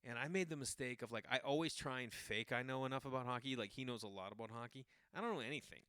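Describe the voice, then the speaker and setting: Bright, crisp-voiced man telling stories. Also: mid-range voice, no echo, clean studio sound. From Boston area. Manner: animated, jumps into quoted voices, loose and chatty. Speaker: podcast host. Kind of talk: casual comic storytelling.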